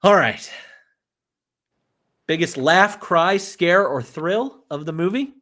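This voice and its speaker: A man's voice: high-pitched, slow. A man co-hosting a podcast, chatting casually about a film, quoting lines and swearing now and then. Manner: animated, quotes lines in put-on voices, swears. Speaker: podcast co-host. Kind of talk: casual film review chat.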